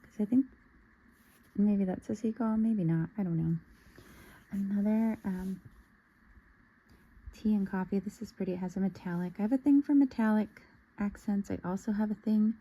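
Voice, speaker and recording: Musing aloud over her fabric haul, this sewing vlogger keeps it casual and at times sinks to a near-whisper. She speaks unhurriedly with long pauses in a steady, mid-range voice that is dark with a breathy edge. The recording quality is low.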